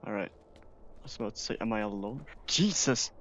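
A man from Sweden giving casual, excitable gameplay commentary as a streamer, swearing often. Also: fairly low pitch, moderate pace, lo-fi sound, a little hiss or hum. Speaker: gaming streamer.

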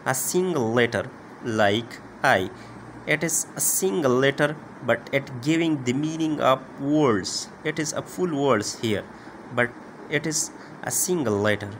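A man teaching a grammar lesson, halting often with "uh" and "okay" as he explains. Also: mid-range voice, fairly bright tone, a little hiss or hum. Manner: slow, halting, many "uh" and "okay" fillers. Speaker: English teacher.

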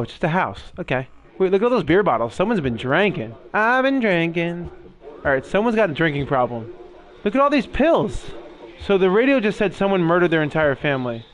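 Here a young man with a high-pitched voice swings widely in pitch and talks at a quick pace. He is hosting a gaming video, cursing and jumping in fear as he plays horror and talks to his viewers.

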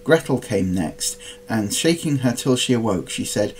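A man reading a storybook aloud in an expressive, dramatic way. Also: fairly low pitch, moderate pace, slight background noise, low-quality recording. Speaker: storybook reader.

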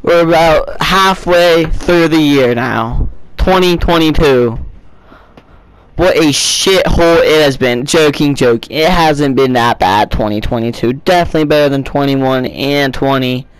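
A young man giving casual, jokey commentary while playing a video game, breaking into excited yelps. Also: fairly high pitch, a little slow, clear, resonant tone, no echo, poor audio. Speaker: gaming video creator.

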